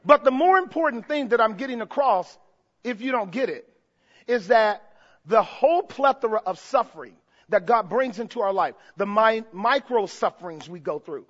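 Brief: male pastor, very high pitched, call-and-response sermon, muffled recording. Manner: call-and-response preaching, swinging between shouts and hushed stretches.

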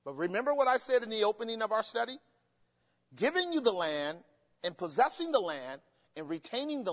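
A man teaching a Bible study as pastor, asking the listeners to finish his sentences and driving his points home with emphasis. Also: high-pitched. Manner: call-and-response questions, emphatic. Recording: dull sound with long hall reverb.

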